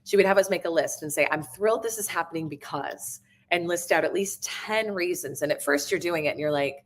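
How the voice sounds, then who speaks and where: A woman's voice: fairly low pitch, brisk. A woman hosting a podcast, giving a reflective, earnest motivational talk from a live stream, with many fillers and restarts. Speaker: podcast host and business coach.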